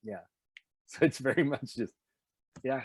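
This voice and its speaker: A man's voice: medium pitch, a little slow. A man from Nashville in a casual interview, animatedly telling stories about his voice work and sometimes slipping into announcer voices. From Nashville, USA. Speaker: voice actor and singer, guest.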